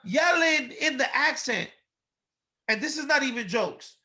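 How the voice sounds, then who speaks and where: High bright-voiced guy ranting about wrestling on a podcast, blunt, swears a lot. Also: measured pace. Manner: blunt, animated, swears, mocking. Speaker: podcast co-host. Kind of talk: casual wrestling review chat.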